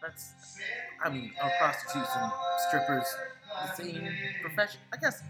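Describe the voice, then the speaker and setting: A woman's voice: low voice, expressive, normal speed, over loud music. A woman co-hosting a podcast in casual banter, wry and laughing often. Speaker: podcast co-host.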